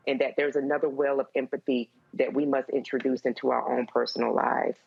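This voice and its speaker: A woman speaking as a panelist on a talk show, heartfelt and halting, with many fillers. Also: a bass voice, flat delivery, vocal fry, breathy edge, lo-fi sound.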